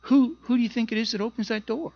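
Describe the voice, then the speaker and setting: A man's voice: extremely high pitch, steady tone, quick pace, dry recording, dull audio. A pastor preaching a sermon, earnest and emphatic, often repeating words as he goes.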